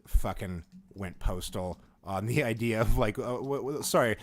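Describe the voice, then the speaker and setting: A man's voice: fairly low pitch, normal speed. A man on a casual comedy podcast, rambling with lots of fillers and the odd curse word. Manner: rambling, full of fillers and profanity.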